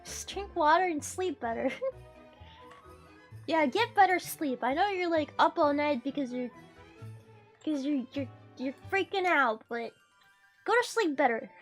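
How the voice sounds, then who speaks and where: A woman's voice: high-pitched, expressive, unhurried, pauses often, soft background music. A woman streaming a game, chatting casually, swearing freely and laughing often. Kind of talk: casual gaming stream chat.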